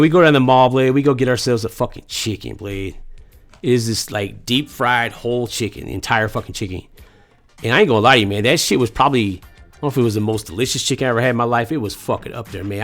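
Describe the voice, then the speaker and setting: A man's voice: medium pitch, a bit bright. A man from the United States telling a crude comedic story, profane and rambling with lots of slang.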